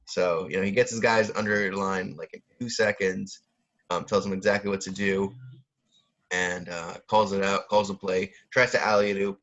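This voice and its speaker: A man's voice: sits low, fairly even intonation, normal speed, a bit bright, muffled recording. A man co-hosting a casual chat, rambling with lots of fillers and frequent laughs. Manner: rambling, many fillers, laughs often, mimics sound effects. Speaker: podcast co-host.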